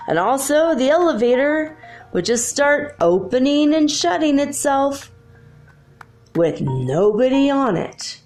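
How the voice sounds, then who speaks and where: A woman's voice: sits high, slow, soft background music. A middle-aged woman hosting a show, telling a ghost story in a casual way, laughing often and acting out the voices of the people in it. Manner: animated, laughs often, acts out quoted voices. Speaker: podcast host.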